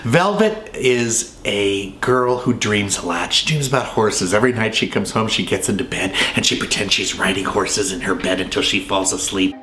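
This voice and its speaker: A man's voice: on the low side, moderate pace, hardly any pauses, fairly bright tone. A male host giving casual, enthusiastic film commentary with rambling asides. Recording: roomy echo, faint ambience.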